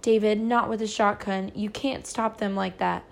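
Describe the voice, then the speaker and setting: A woman's voice: medium pitch, fairly even intonation, normal speed, gravelly, close to an everyday voice. A woman reading aloud, voicing an anxious mother pleading with her husband. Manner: urgent, pleading.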